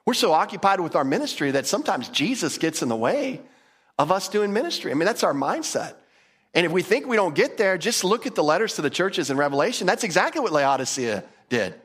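A man's voice: high-pitched, sing-song, a little fast, fairly bright tone, breathy edge. A male pastor preaching a casual, humorous sermon, acting out little quotes as he goes. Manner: conversational, humorous, acts out quotes.

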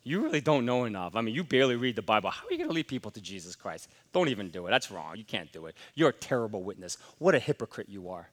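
Man doing a low taunting Satan voice, sneering, accusing, belittling, sermon illustration. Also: sing-song, quick pace, few pauses.

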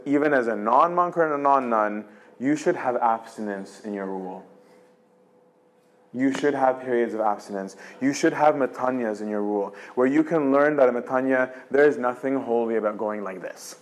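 A man's voice: mid-range voice, moderate pace. A man giving an informal religious lecture, talking casually and with animation, full of fillers and "right?" tags. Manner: acts out quoted voices of God and the soul. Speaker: lecturer on spiritual life.

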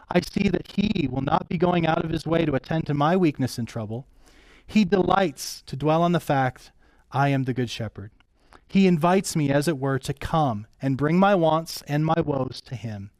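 A man preaching a sermon, earnest as he reads a quoted passage aloud, then praying softly. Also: a little high, dry recording, clean studio sound. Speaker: pastor.

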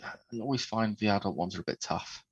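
A man's voice: fairly low pitch, quick pace, muffled recording, background noise. A man, joking and swearing as a podcast co-host in casual chat. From England.

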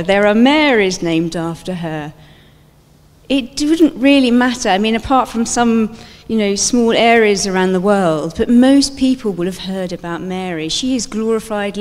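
A woman giving a sermon-like talk at a church event, telling stories in an animated way and acting out scenes. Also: mid-range voice. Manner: animated storytelling, acts out scenes. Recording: long hall reverb.

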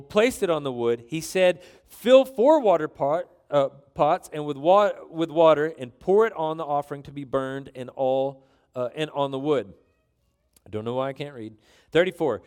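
A man preaching a sermon in an animated, joking way, reading scripture aloud between his asides. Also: on the high side. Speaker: pastor.

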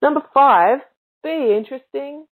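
A woman hosting a podcast and giving coaching tips in a casual teaching talk, speaking emphatically with expressive inflections. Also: sits high, a little slow. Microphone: livestream mic. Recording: tinny phone-like sound.

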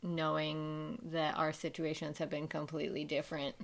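A woman co-hosting a podcast in casual chat, speaking softly and reflectively with lots of filler words. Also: deep voice, little pitch movement, normal speed, creaky.

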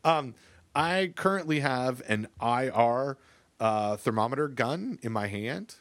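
A man chats casually on a podcast from his office, his voice at a medium, everyday pitch. He rambles and trips over his words, restarting sentences in a playful, joking way. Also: lively intonation, slow pace, a bit bright. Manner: rambling, self-interrupting, playful. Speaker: podcast co-host. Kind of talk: casual chat.

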